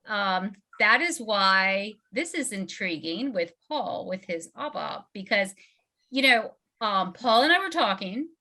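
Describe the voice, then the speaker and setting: Bright chatty Southern woman host. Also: on the high side. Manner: chatty, filler-heavy, laughing often. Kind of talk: casual webinar hosting.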